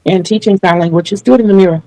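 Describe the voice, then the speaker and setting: A woman hosting a relaxed online interview, her voice carrying a gravelly fry. She talks earnestly and at length, restarting now and then. The sound is dry and close, with no room echo. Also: lowish voice, racing. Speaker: channel host interviewing a guest. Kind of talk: casual video interview chat.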